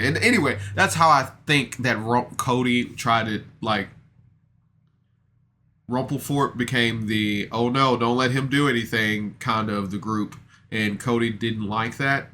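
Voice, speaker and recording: A man's voice: lowish voice, pushed and bright, a little hiss or hum. A man recapping a podcast episode in a casual, rambling way, self-deprecating and full of fillers and restarts. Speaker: podcast reviewer.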